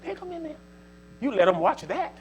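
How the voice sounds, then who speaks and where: A man's voice: very high-pitched, sing-song, moderate pace, lo-fi sound, a little hiss or hum. A man, preaching to a church congregation in a folksy, repetitive, exhorting way. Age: 70s. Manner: folksy, repetitive, exhorting with 'see' and 'you know'. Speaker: church speaker.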